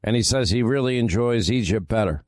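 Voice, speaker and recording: Fairly quick and a little mellow, a mid-range male voice hosts a political talk radio show from a radio studio, hammering out an ad read and monologue in a punchy, emphatic, repetitive manner. A close studio mic keeps it dry, with no room sound.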